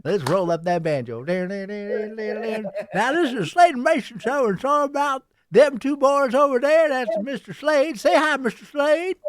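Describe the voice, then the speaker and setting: A man's voice: very high-pitched, expressive, measured pace, few pauses, a crowd in the background. A man putting on a hokey Southern country announcer. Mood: folksy. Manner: drawling, hokey, rambling, addresses "boys and girls". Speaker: show introducer.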